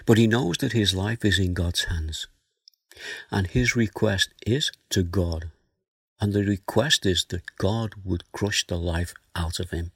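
A man giving a slow, earnest Bible teaching sermon, reading verses aloud and then explaining them. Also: low voice, gravelly, fairly bright tone, husky, no room sound, studio quality. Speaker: preacher.

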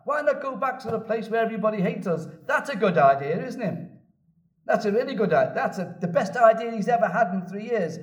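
A man's voice: high voice, lively intonation, fairly quick, reverberant, distant mic, pitched above the performer's own voice. A man voicing a sarcastic, cynical male disciple who expects the worst.

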